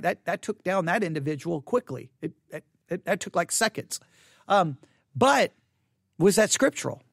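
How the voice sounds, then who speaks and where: A man's voice: high-pitched, animated, normal speed, creaky, a bit bright, no room sound, studio quality. A middle-aged man preaching a sermon, telling a personal story candidly and repeating himself for emphasis.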